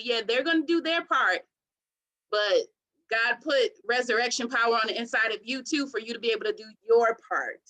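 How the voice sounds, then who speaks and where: A woman in her thirties from Detroit, a podcast guest telling her story in an expressive, testimony-style way. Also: a little high, normal speed, poor audio. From Detroit, USA. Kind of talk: faith-centered interview talk.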